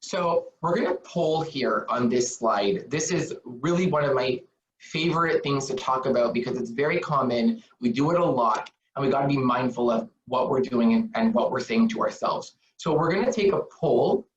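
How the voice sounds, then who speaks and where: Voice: medium pitch, animated, moderate pace, a little hiss or hum. Echoey, distant webinar counselor. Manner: earnest, encouraging, rhetorical questions. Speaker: webinar presenter on mental health. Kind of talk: live webinar talk. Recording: echoey, distant, dull laptop audio.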